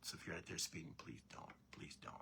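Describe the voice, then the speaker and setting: A man hosting a casual morning sports show from his basement, rambling and correcting himself with animated asides. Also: fast talker, slight background noise. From Northeast Tennessee. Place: home basement.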